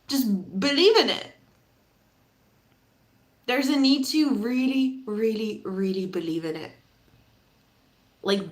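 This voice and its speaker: A woman reads tarot in a loose, conversational way, laughing and cursing freely as she talks. Her voice sits high and bright. It leaps up and down constantly. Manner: animated and chatty, laughs often, swears casually. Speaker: tarot reader. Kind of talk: casual pick-a-card tarot reading.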